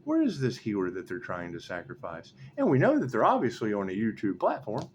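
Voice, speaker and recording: Excitable man with lively pitch. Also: brisk, highs cut off, a little hiss or hum. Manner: excitable, repetitive, swings between low mutters and loud exclamations; swears casually. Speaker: tarot reader. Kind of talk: solo spiritual tarot commentary.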